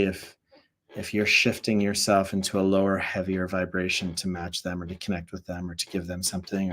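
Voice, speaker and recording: A young man with a slightly low voice talks casually as a spiritual teacher. His delivery is loose and rambling, full of "like" and "you know" as he shares a story and draws a lesson from it.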